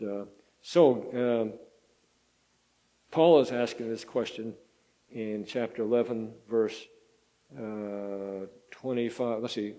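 An older man preaching a sermon in a folksy, halting way, with many fillers and restarts. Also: mid-range voice, mellow, rough recording. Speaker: pastor.

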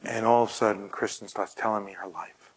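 A man preaching, telling a personal story and often dropping to a hushed, breathy near-whisper. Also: fairly low pitch, fairly even intonation, fairly quick, low-quality recording. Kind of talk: storytelling sermon.

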